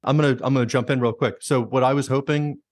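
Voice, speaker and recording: Man, podcast host, rapid talk, blunt and profane, dry close sound. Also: medium pitch, steady tone, dry recording. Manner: fast, swearing, mimics politicians in quoted voices. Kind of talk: casual political chat.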